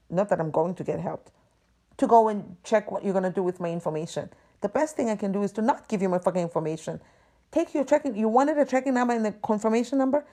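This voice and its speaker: Woman ranting on her podcast, warm low-key tone but super exasperated, lots of swearing. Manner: exasperated, profane, emphatic. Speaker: podcast host. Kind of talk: ranting monologue.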